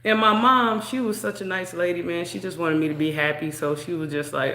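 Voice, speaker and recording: A young woman casually telling a personal story in a chatty, drawn-out way, peppered with "you know". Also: fairly low pitch, bright, forceful tone. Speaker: vlogger. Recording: echoey room.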